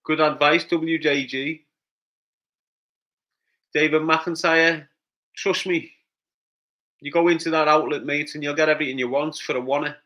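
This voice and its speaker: A man's voice: a little high, steady tone, unhurried, long pauses, bright, forceful tone. A middle-aged man with a Scouse accent, hosting a casual livestream and answering viewers' comments one by one. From Liverpool, England. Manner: chatty, reads out usernames and answers them.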